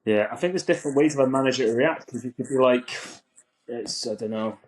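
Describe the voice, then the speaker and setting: A man's voice: medium pitch, very fast, darkish tone. Easygoing young scottish guy, football podcast co-host, chill and agreeable. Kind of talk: casual football chat.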